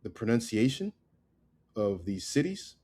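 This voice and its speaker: A man teaching a casual online language lesson. He drills words slowly and keeps checking in with "right?" and "okay?". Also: lowish voice, very animated, darkish tone.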